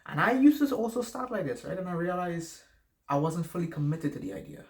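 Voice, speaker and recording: A man's voice: high voice, animated, fairly quick. Rambling accented man giving advice. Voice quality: noticeable non-native accent. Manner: rambling, self-correcting, swears casually. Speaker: YouTuber giving life advice. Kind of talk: casual advice monologue.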